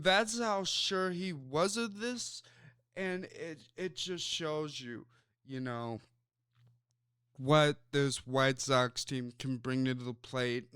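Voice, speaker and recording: A man's voice: on the high side, a bit bright, smooth, no room sound, studio quality. A man with a Chicago accent hosting a sports talk show, rambling loosely with plenty of fillers and asides. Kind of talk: casual sports commentary chat.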